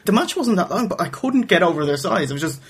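A man's voice: sits high, very animated, fast, husky. A man co-hosting a casual wrestling review podcast, jokey and chatty, laughing often. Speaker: podcast co-host.

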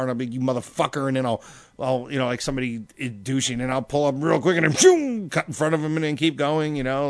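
A man in casual chat, telling stories with lots of swearing and acting out his own shouting. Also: mid-range voice, dry recording. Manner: profane, animated, acts out his own yelling.

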